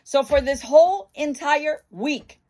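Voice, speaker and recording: With a high, darkish voice and a slow pace, this middle-aged woman vlogs about mental wellness into her phone camera. Her casual chat is bubbly and chatty, punctuated by bursts of laughs and shrieks.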